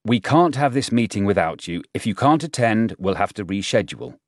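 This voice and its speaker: A courteous, diplomatic army major, firm but polite, as a man reads him. Low voice, dry recording. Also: expressive, fairly quick, no room sound, lightly acted.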